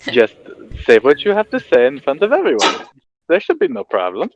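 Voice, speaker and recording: A man's voice: medium pitch, wildly swooping pitch, brisk, muffled recording, a little hiss or hum. A man playing a tabletop role-play game, cocky and teasing in character. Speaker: player.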